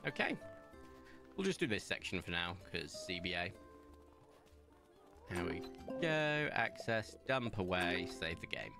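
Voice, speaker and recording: A man's voice: deep voice, sing-song, a little slow, vocal fry, pauses often. A young man chatting casually while streaming a video game, rambling into stories and asides. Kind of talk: casual gameplay commentary. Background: faint game music.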